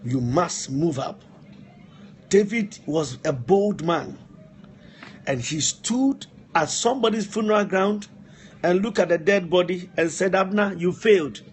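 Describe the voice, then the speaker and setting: A man's voice: high voice, animated, unhurried, a little hiss or hum. A man preaching a live-streamed sermon, repeating phrases for emphasis and breaking off to speak to helpers. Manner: repetitive, emphatic exhortation, asides to helpers.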